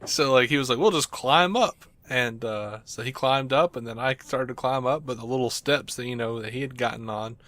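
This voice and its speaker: A man's voice: medium pitch, steady tone, fairly quick, few pauses, a bit bright, no echo. A man hosting a podcast, telling rambling stories in casual chat and laughing often. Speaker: podcast host.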